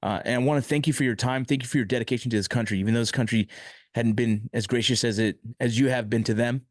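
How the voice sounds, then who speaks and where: A man's voice: mid-range voice, steady tone, fast talker, dry recording, studio quality. A man hosting an interview podcast, speaking with emotion and frustration and often stopping and restarting. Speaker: podcast host.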